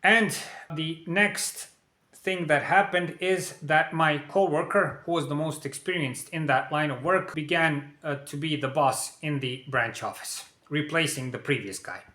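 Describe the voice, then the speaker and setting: A man's voice: a little high, a little slow, bright, forceful tone. A man telling a personal story to camera in a plain, conversational way, often adding "you know". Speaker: vlogger. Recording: echoey room.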